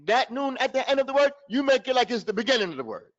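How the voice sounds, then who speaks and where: A tajweed teacher with a high-pitched male voice leads a live online recitation lesson, lively and direct, acting out his students' mistakes and chanting verses slowly for them to repeat. The audio is dull and lo-fi, its highs muffled.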